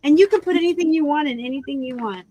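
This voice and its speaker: A woman's voice: sits high, quick pace, warm tone, low-quality recording. A woman hosting a casual live-stream chat about reselling, rambling through asides and laughing often over a video call.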